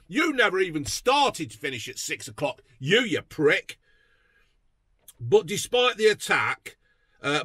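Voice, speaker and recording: A political vlogger with a high, pushed, bright male voice delivers a furious, profane rant, mocking and fuming as he goes. There's no echo on the recording.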